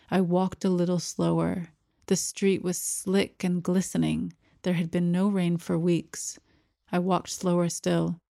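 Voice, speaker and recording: A woman narrating a first-person story in a measured, even storytelling manner. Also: on the low side, dry recording, studio quality. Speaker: audiobook narrator.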